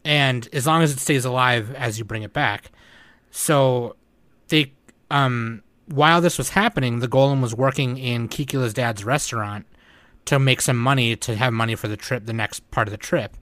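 A man's voice: medium pitch, moderate pace, fairly bright tone, no room sound. A man in casual chat, rambling and retelling scenes with quoted lines, swearing now and then. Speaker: podcast host reviewing anime.

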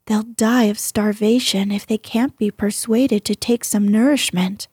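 A woman's voice: mid-range voice, steady tone, measured pace, a little mellow, breathy edge, no room sound, studio quality. A woman voicing a worried nurse in a storybook reading, speaking anxiously.

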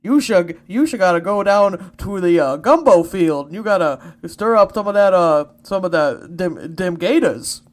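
A man putting on a Cajun accent to play a rowdy alligator-hunting man, loud and drawling. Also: sits high, animated, measured pace, hardly any pauses, voice pushed up.

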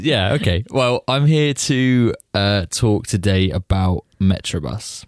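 A man's voice: fairly low pitch, takes it slowly, few pauses, dry recording, studio quality. A man chatting on a podcast in a playful, bantering way. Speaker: podcast regular, reporter. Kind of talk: casual podcast chat.

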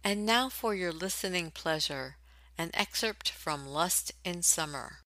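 Bright-voiced woman reading book blurbs. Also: fairly low pitch, expressive, unhurried, dry recording, poor audio. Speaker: narrator. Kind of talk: audiobook blurb narration.

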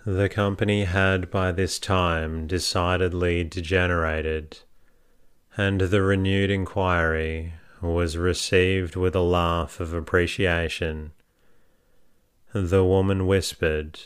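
A man reading a classic novel aloud as a calm bedtime story, keeping the quoted lines close to his own voice. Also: deep voice, slow, clean tone. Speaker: sleep story narrator. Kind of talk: slow scripted narration.

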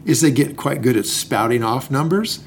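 A man's voice: medium pitch, normal speed, a little hiss or hum. A man co-hosting a casual talk, explaining investing in a playful, jokey way. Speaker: podcast co-host teaching investing. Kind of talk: casual chat.

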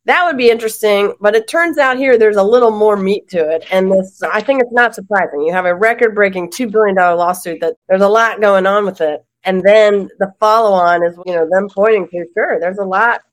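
A woman who is a law professor joins a podcast roundtable, speaking in animated, quick bursts and laughing often. Her voice is medium-pitched.

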